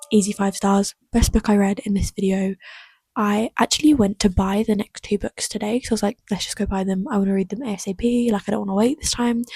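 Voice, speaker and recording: Young woman, book vlogger, breathy and husky, mellow warm tone, chatty and gushing, dry close sound. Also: medium pitch, no echo. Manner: chatty, gushing, often half-whispered. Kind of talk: casual chat.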